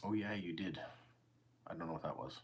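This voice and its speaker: Calm deep-voiced Canadian man. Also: a little hiss or hum. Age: 40s. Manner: calm, easygoing, unhurried. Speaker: YouTube host. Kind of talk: casual livestream chat answering viewer comments.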